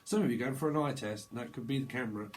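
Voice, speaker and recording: A man's voice: mid-range voice, racing, poor audio. A man giving a rambling tarot reading, swearing and laughing as he talks. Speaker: tarot reader. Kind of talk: casual tarot reading monologue.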